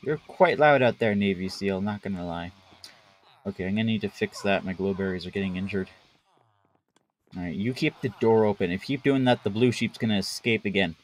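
A man's voice: lowish voice, fairly quick. A man streaming a game live, chatting casually, talking to the animals and using playful broken grammar. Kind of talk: live gameplay commentary.

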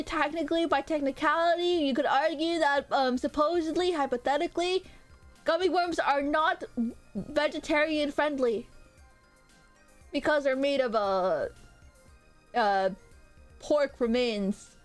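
High-pitched streamer girl rambling at her chat, lots of uhs, faint music behind. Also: a little slow, pauses often. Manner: rambling, full of hesitant fillers. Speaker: VTuber streamer. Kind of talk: casual chat, reacting to chat. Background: faint background music.

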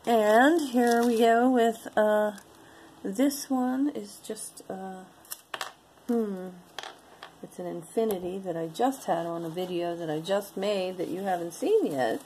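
A woman talks slowly and easily as she shows jewelry to her viewers, wandering off into little asides and comments to herself. Her voice sits at an ordinary middle pitch. A faint hum of room noise stays under her voice. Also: darkish tone, poor audio. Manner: chatty, rambling, talks to herself. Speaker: online jewelry seller. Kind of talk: casual sales chat to viewers.

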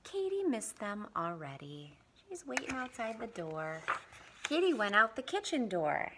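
A woman reading a picture book aloud to young children as a visiting parent, in an animated, expressive way. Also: mid-range voice, a little slow, background noise. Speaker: parent community reader.

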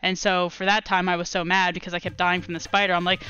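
A woman chatting casually while streaming a game live, rambling and excitable as she talks to viewers. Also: mid-range voice, fast, few pauses, clear, resonant tone, muffled recording. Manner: rambling and excitable, restarts and laughs often. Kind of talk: casual live gameplay commentary.

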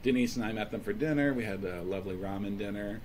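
A man co-hosting a podcast as a stand-up comedian, talking in a relaxed, rambling way with plenty of fillers. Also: lowish voice, fast, slight background noise. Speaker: podcast co-host. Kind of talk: casual chat.

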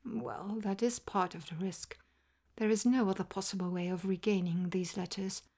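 A cool, self-assured gentleman detective, as a woman puts him on in whispered role-play. Measured and resolute, at a middling pitch for a woman's voice. His words come hushed and soft, close to a breath. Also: steady tone, close to an everyday voice. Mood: calm resolve.

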